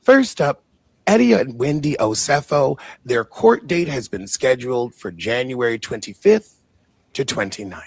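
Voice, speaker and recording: A man's voice: medium pitch, animated, a little slow, vocal fry, husky, dry recording. A man, hosting a reaction show, talking in a casual, mocking way and swearing freely. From the Bronx, New York. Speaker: host reacting to an interview.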